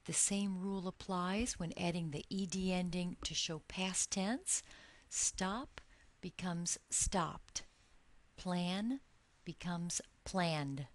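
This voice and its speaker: A woman teaching English grammar in a recorded lesson, speaking slowly and deliberately and drawing out each example word. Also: lowish voice.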